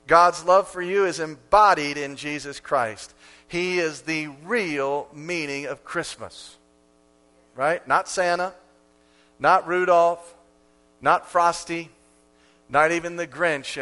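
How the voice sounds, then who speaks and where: A man preaching a sermon as pastor, emphatic and repeating key lines for effect, with sudden swings from quiet to loud. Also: fairly high pitch.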